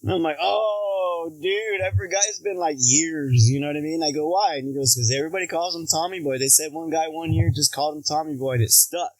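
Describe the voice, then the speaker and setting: An American man spins stories in a relaxed chat, slipping into other voices for the people he quotes. His voice sits a little high and the sound is dry and close. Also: fairly quick, hardly any pauses, no room sound, rough recording. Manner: animated, acts out quotes in other voices, laughs often. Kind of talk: casual storytelling chat.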